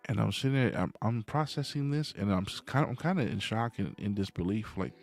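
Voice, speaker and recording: Late at night at home, a man hosts a livestream and tells his viewers a rambling story, getting heated over right and wrong. His voice is lowish and expressive with vocal fry, moving fairly quickly with few pauses.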